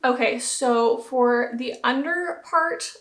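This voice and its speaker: A woman's voice: sits high, takes it slowly, a bit bright. Young Southern woman vlogger, self-deprecating casual chat, recorded in a roomy echoing room. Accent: American Southern. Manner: chatty, self-deprecating, giggly. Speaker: beauty vlogger. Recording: roomy echo.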